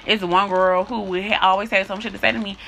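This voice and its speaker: A woman's voice: medium pitch, fairly even intonation, a little fast, vocal fry, fairly bright tone, slight background noise. A young woman speaking in a blunt, heated, profane monologue rant to her followers. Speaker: social media creator.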